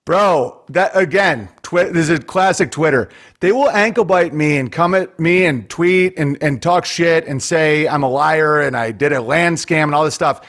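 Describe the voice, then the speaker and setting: A man with a Central New York accent, a guest in a casual podcast chat. His voice sits a little high, and he talks animatedly and profanely, slipping into voices for the people in his stories. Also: normal speed, few pauses, fairly bright tone.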